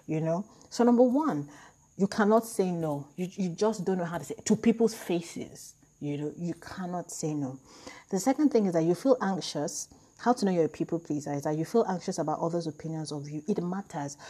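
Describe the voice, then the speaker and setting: A woman talking in a casual, reflective monologue, chatty and quick to laugh at herself. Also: lowish voice, mellow, breathy edge.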